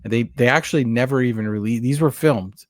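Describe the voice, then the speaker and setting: A man's voice: mid-range voice, fairly quick, dry recording, studio quality. A man co-hosting a podcast, talking casually and at length, often restarting his sentences as he recaps scenes. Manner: rambling, self-correcting, animated recaps. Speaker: podcast co-host. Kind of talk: casual chat about a horror movie.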